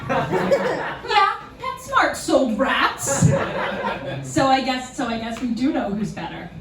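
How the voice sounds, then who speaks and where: A woman's voice: sits high, sing-song, takes it slowly. A young woman doing a live stand-up set in a small club, self-deprecating and chuckling through her punchlines. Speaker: stand-up comedian. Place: small comedy club theater, live audience. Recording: echoey club room, distant, noisy.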